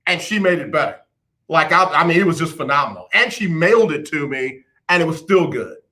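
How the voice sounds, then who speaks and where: A man hosting a radio show in casual, chatty talk, animated and often repeating his words, on a studio microphone. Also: on the high side, fairly quick.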